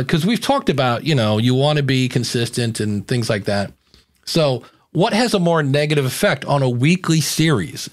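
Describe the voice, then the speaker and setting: Guy hosting a podcast, mid pitch, tells stories acting out what folks said, dry close sound. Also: no echo. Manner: lively storyteller who acts out quoted remarks. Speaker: podcast host. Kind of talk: casual live podcast chat.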